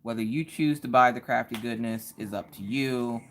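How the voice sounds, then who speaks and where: A woman's voice: extremely low pitch, moderate pace, a little hiss or hum. A woman in her thirties hosting a casual livestream, telling stories and greeting viewers by name. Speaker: livestream host.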